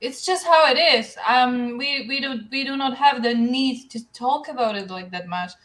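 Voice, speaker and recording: A woman guest on a loose online panel talk. Her voice sits fairly high. She needles the men with dry, teasing questions. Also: moderate pace, fairly bright tone. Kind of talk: casual panel chat on a livestream.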